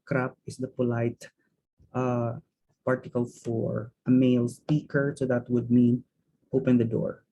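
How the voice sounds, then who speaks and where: A man's voice: mid-range voice, little pitch movement, a little slow, warm tone, lo-fi sound, slight background noise. A man teaching a language lesson, explaining grammar step by step in a methodical way and repeating words as he thinks.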